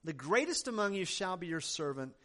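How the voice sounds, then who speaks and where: A male pastor delivers a sermon with a lively, swooping delivery that rises and falls through each point. He hammers ideas home with repeated phrases, then drops into easygoing asides to the congregation. His voice sits a bit high for a man. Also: brisk. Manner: emphatic preaching with repeated phrases; conversational asides.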